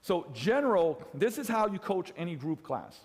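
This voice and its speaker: Energetic man coaching in a hall. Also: moderate pace. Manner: emphatic, swings pitch and loudness for effect, keeps asking "right?". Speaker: fitness coach teaching trainers. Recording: large hall with long reverb.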